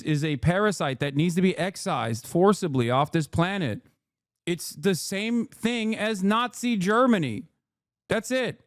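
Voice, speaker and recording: A man's voice: high voice, no room sound, studio quality. A man giving heated, profane political commentary to his stream. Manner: heated, profane, shouting bursts.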